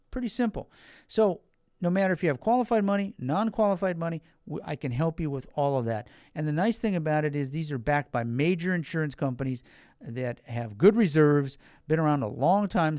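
Speaking briskly and expressively, a financial advisor with a fairly high but darkish voice pitches financial products in a folksy, repetitive way. He addresses the listener head-on and emphasizes key words. The studio-quality audio has no room sound.

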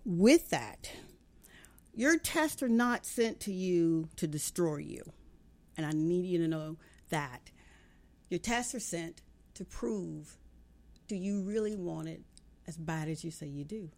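A woman's voice: lowish voice, lively intonation, slow, pauses often, a little mellow. A woman hosting a radio talk show, giving an emphatic motivational faith talk in a preaching cadence.

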